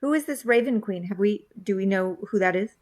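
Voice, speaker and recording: A woman's voice: mid-range voice, lively intonation, brisk, a little mellow. A woman player in a tabletop game asking the game master questions. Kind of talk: casual chat.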